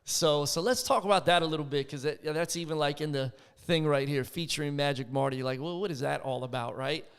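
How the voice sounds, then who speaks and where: A man's voice: a little high, fairly quick, clear, resonant tone, in a large hall. A man hosting a podcast, chatting enthusiastically and saying "like" a lot. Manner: enthusiastic, heavy use of "like". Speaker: podcast host. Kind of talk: casual interview chat.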